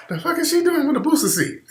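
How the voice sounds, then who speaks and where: A man telling profane comic stories in a loud, riffing podcast chat. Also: very high-pitched, sing-song, fairly quick. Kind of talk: comedic storytelling on a podcast. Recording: roomy studio echo.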